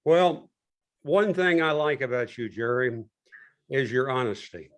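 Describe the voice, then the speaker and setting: Older man, host, interviewer, slow unhurried delivery, dry teasing. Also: medium pitch, animated. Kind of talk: relaxed interview questions.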